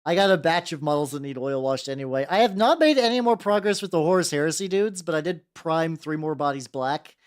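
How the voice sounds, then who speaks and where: A man's voice: a little high, fairly quick, hardly any pauses. A young man streaming as a VTuber, chatting casually and rambling while he paints miniatures, with frequent restarts and self-deprecating jokes.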